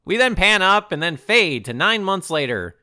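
A man co-hosting a comedy podcast, recapping a story with animated delivery and putting on voices for the characters. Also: high voice, normal speed. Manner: animated storytelling, acts out characters, swears freely. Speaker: podcast co-host. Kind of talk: casual comedic plot recap.

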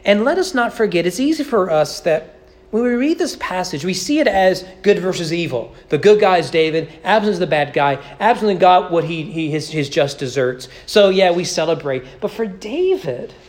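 Male pastor preaching, voice swoops up and down a lot, leans hard on key words. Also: high-pitched. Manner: expressive preaching, slowing and stressing key words. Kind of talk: sermon. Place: church sanctuary.

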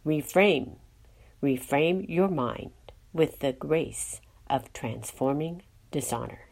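A woman reading a storybook part as a calm, wise inner voice of the mind, speaking sympathetically. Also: low-pitched, takes it slowly, creaky, pitched below the performer's own voice, heavily acted. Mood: sympathetic. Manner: soothing, sympathetic.

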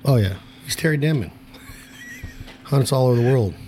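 A man's voice: medium pitch, expressive, mellow, slight background noise. A man from Nevada hosting a hunting podcast, chatting casually and joking with his guest. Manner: joking, teasing, rapid banter. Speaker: podcast host. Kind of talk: casual podcast chat and sponsor reads.

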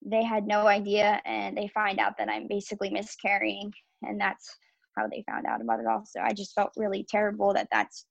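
A woman's voice: medium pitch, brisk, creaky, no echo. A young woman telling her own story as a podcast guest, candid and casual, with many "um"s and "like"s. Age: young adult. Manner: candid, filler-heavy with frequent "um" and "like". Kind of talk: personal storytelling. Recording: dull, slightly lo-fi audio.

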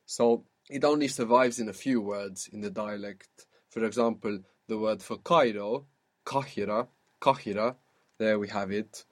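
A man's voice: fairly low pitch, fairly even intonation, normal speed, hardly any pauses. A man teaching a spoken language lesson, patiently asking for phrases, repeating each answer back and explaining pronunciation.

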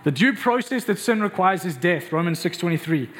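A man's voice: sits high, animated, a little fast, fairly bright tone. A man preaching a passionate, emphatic sermon and speaking directly to his congregation in a church. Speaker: pastor.

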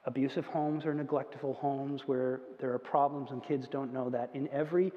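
A man's voice: mid-range voice, level tone, moderate pace, few pauses, dark tone. A man preaching a conversational sermon, acting out whiny children as he goes. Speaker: pastor. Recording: long hall reverb, dull lo-fi sound.

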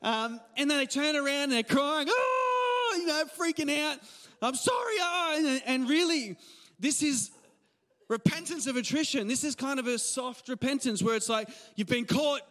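A male pastor in his thirties with an Australian accent, giving a casual, animated sermon full of stories and laughs. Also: very high-pitched, moderate pace, long reverb tail. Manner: conversational, animated storytelling with laughs. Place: church hall.

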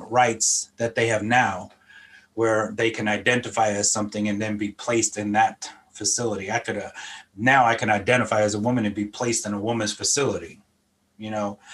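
A man's voice: lowish voice, fairly bright tone. A middle-aged man from Philadelphia giving an earnest personal testimony in an interview, reflective and repeating words as he gathers his thoughts. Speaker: interview guest sharing testimony.

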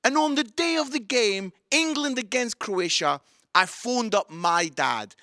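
Scottish guy mid-age, bouncy high voice, jokey sermon, bright and dry sounding. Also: measured pace, no echo. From Scotland. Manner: animated, breaks into loud exclaiming. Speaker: comedian and preacher. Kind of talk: comic sermon with storytelling. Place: at home.

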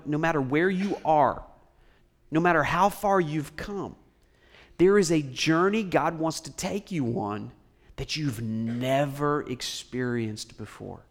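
Animated higher-voiced male preacher. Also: measured pace, vocal fry. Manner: animated preaching, swings from loud to soft with joking asides. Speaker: pastor. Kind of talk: sermon.

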